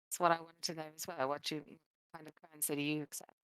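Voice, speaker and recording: Hesitant woman player, bright voice. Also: deep voice, little pitch movement, quick pace, clear, resonant tone. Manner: hesitant, many ums. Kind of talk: tabletop role-play in character.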